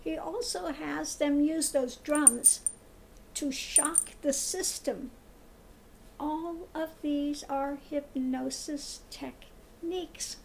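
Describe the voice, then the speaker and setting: High-voiced, slow, scornful woman. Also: creaky, darkish tone, slight background noise. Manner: emphatic, repetitive, scornful. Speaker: tarot reader and spiritual commentator. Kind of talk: commentary monologue.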